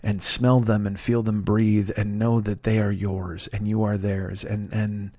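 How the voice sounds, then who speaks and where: A man's voice: lowish voice, little pitch movement, a little slow, darkish tone, no room sound, clean studio sound. A man, hosting a comedy podcast with a profane, rambling, self-mocking storytelling monologue full of restarts. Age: 50s.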